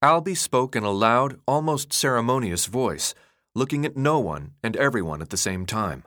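A man narrates a novel in an expressive, dramatic way, his pitch rising and falling freely. The voice sits at a middle height. It is recorded close and dry, with no room sound. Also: normal speed, dry recording. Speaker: audiobook narrator. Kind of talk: scripted narration.

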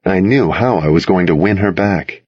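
A man with a low, husky voice narrates a novel in the first person, unhurried and close. The sound is dry with no room around it, and the recording is a little dull and lo-fi. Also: no echo. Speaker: audiobook narrator.

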